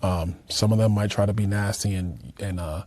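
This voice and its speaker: A man speaks in a very deep, husky voice during a political interview. He builds his argument slowly. His delivery is halting and full of fillers. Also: a little mellow. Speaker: interview guest.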